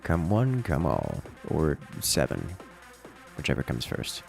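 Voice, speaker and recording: A man's voice: very deep voice, huge pitch swings, slow, vocal fry, darkish tone, soft background music. An American man with an urban accent, streaming a game and chatting playfully with his viewers. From United States. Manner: playful, joking with chat. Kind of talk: casual livestream chat while playing.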